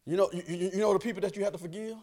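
A male pastor preaching a folksy sermon. He swings from hushed asides to shouted lines, asks for amens and laughs along with the congregation. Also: high-pitched, steady tone, rapid-fire.

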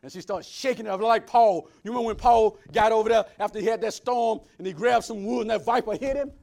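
High-voiced preacher, loud then hushed. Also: male voice, fast talker, creaky. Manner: swings between loud preaching and hushed asides. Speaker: pastor. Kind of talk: sermon.

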